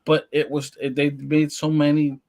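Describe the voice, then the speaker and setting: A man's voice: fairly high pitch, monotone, normal speed, a little mellow. A man co-hosting a casual podcast chat, speaking hesitantly and restarting often. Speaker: podcast co-host.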